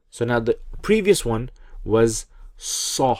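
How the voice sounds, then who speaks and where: A woman's voice: very deep voice, expressive, brisk, a little mellow, studio quality. A woman teaching a step-by-step Quran reading lesson. She patiently repeats each syllable for learners to echo and praises them often. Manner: encouraging, frequent praise.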